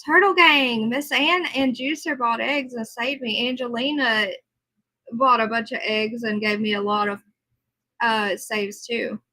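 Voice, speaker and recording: A woman hosts a casual livestream, talking easily and answering her viewers as she goes. She sounds tired, but her voice stays bright and a little high. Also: steady tone, measured pace, rough recording. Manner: chatty, reads and answers viewer comments. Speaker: livestream host.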